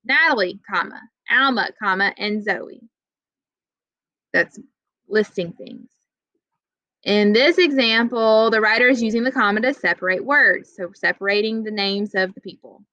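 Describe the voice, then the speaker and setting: A woman teaching a classroom grammar lesson, plainly explaining rules and slowly reading out example sentences. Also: medium pitch, bright, forceful tone, dry recording, muffled recording.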